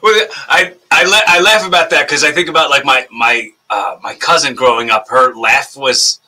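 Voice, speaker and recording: A man's voice: mid-range voice, moderate pace, sharp tone, poor audio. A man in his thirties, a podcast guest in casual chat, rambling, laughing and poking fun at himself. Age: 30s. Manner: rambling, laughing, self-mocking.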